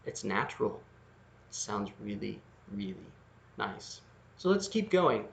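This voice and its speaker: A man giving a video lesson on lyric writing, patiently explaining and slowly sounding out words. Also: fairly low pitch, big pitch swings, gravelly, slight background noise. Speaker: music teacher.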